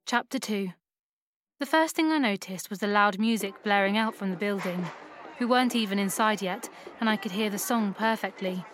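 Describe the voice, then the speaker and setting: A woman reading a first-person erotic story aloud in a calm, even storytelling voice. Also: mid-range voice, moderate pace, faint music behind. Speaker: narrator.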